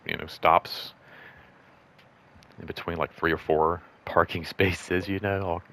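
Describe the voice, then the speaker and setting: Low-voiced man rambling through a story. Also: fairly bright tone. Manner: rambling, lots of fillers and "like"; acts out quoted voices in higher pitch. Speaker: host. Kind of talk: casual storytelling vlog.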